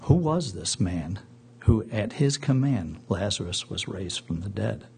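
A pastor with a low, gravelly voice delivers a sermon and reads from scripture in an earnest, measured way. A faint hum sits under his voice. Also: expressive, a little mellow.

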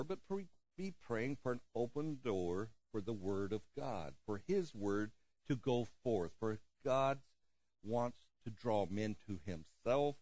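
A man preaching a sermon in a gentle manner, dropping softly at moments and chuckling now and then. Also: mid-range voice, no room sound, muffled recording. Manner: gentle, lively preaching with soft drops and chuckles. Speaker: pastor.

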